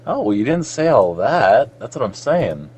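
A man's voice: mid-range voice, sing-song, moderate pace, a little mellow, a little hiss or hum. A man from South Florida co-hosting a podcast, joking around and swearing freely in casual banter. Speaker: podcast co-host.

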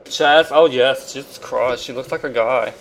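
A man's voice: mid-range voice, moderate pace, crowd noise, rough recording. A man co-hosting a podcast, gossiping and joking crudely in casual chat. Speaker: podcast co-host.

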